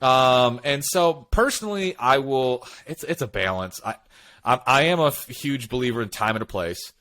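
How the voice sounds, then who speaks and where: A man co-hosting a casual podcast conversation. His voice is bright and forceful, and he tells his stories with energy, often acting out what people said. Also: medium pitch, normal speed. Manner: animated storytelling, quotes himself and others. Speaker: podcast co-host.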